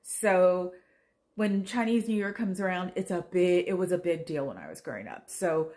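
A woman's voice: lowish voice, animated, normal speed, a little mellow. A tired middle-aged woman from Oakland, California, chatting in a meandering, self-deprecating way for her vlog. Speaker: vlogger. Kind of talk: casual rambling chat.

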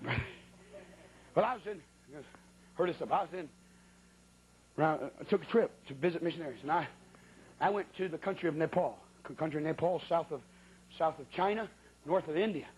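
High-voiced folksy preacher telling stories. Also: male voice, husky, low-quality recording. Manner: animated, folksy, exaggerated comic storytelling. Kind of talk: humorous storytelling sermon.

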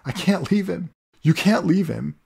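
A man's voice: high-pitched, expressive, unhurried, vocal fry, a little mellow, breathy edge, pitched above the performer's own voice, exaggerated voice. A man voicing a distraught young boy in a storybook reading, pleading and calling out. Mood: desperate. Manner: pleading, raised voice.

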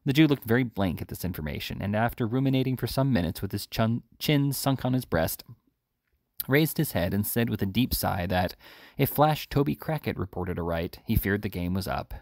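A man reading a classic novel aloud in a steady, plain storytelling manner. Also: lowish voice, moderate pace, no echo, clean studio sound. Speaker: reader.

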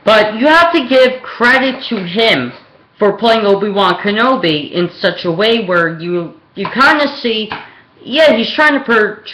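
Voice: mid-range voice, expressive, a little slow, sharp tone. A young adult vlogger from Pennsylvania delivering a rambling, hesitant film rant full of ums and restarts. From Pennsylvania, USA. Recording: echoey room.

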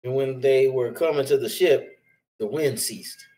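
A man with a mid-range voice reads archaic scripture verses aloud, keeping a steady and plain delivery. He reads for a small study group rather than performing. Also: medium pitch, unhurried, low-quality recording. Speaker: scripture reader.

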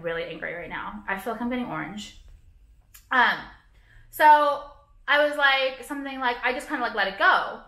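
A woman's voice: a little high, pushed and bright. A young woman talking straight to camera in a casual vlog rant, swearing often and saying "like" constantly. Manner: profane, filler-heavy, sarcastic. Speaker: vlogger. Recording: echoey room.

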